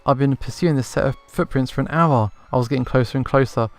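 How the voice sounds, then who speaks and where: A man's voice: mid-range voice, quick pace, faint music behind, natural voice. A man voicing a boastful, self-assured male hunter telling a story in a video game.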